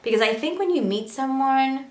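A woman's voice: high voice, moderate pace. Earnest young woman vlogging in echoey room. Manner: earnest, animated, rhetorical questions. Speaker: beauty and lifestyle vlogger. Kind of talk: casual talk to camera.

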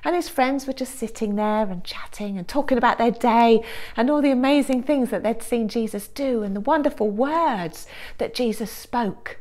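A woman with a fairly high voice tells a story to young children at a school assembly. She talks in an expressive, playful way, sinking into hushed whispers and then climbing into loud, excited bursts. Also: normal speed.

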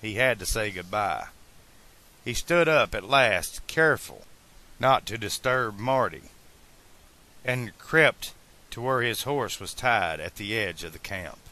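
A man narrating a fan-made audiobook in a slow, deliberate reading style. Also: on the low side, lively intonation, bright, forceful tone.

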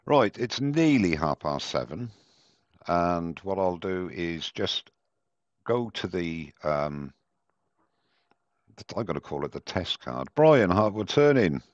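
Chatty man, very deep voice. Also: animated, slow pace, long pauses, no room sound. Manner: chatty, self-mocking, rambling. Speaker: host of a live woodturning demo. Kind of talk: casual live-stream chat. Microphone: headset. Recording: dull, dry headset sound.

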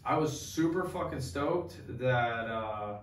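A young man co-hosting a podcast, rambling through a profane, excited story in casual chat. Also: mid-range voice, slow pace. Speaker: podcast co-host. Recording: echoey room, distant mic.

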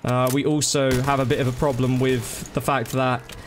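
A man's voice: mid-range voice, flat delivery, normal speed, noisy background. A man chatting casually to viewers during a live gaming stream, thanking them by name and calling them bro and dude.

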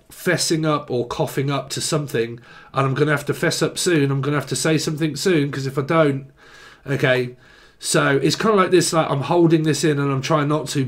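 A man giving a rambling, jokey solo tarot reading, free-associating and trying out silly voices. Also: mid-range voice. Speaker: tarot reader.

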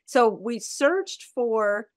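A woman's voice: on the high side, lively intonation, drawn-out words, no echo, clean studio sound. A middle-aged woman, a company founder, telling her story in an interview and acting out the lines she quotes. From United States and Canada.

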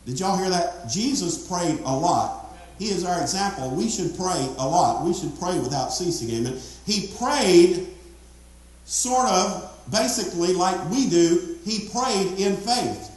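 A man's voice: high voice, animated, measured pace. A man preaching a sermon as pastor, emphatic and repetitive, calling out to the congregation. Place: church sanctuary. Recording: very echoey church hall.

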